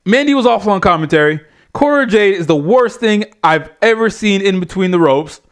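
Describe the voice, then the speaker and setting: High-voiced man ranting with blunt profanity. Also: animated, fairly quick, clean tone. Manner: blunt, exasperated, swears constantly. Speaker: wrestling show reviewer.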